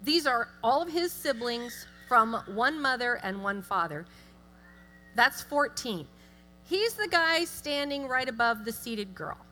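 A middle-aged woman giving a chatty, self-deprecating church talk with animated asides. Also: a little high, a little slow. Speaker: guest speaker. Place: church sanctuary. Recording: long hall reverb with music.

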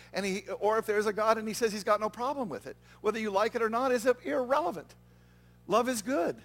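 High-pitched man preaching earnestly. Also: fairly bright tone. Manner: earnest, conversational preaching with frequent "okay?" and "right?" check-ins. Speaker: pastor. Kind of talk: sermon. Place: church.

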